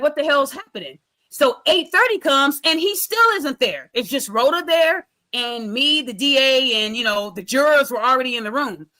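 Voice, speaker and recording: Bright-voiced woman telling a story, swearing freely. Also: a little high. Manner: candid and animated, swears freely. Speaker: podcast host. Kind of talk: casual storytelling to a live audience.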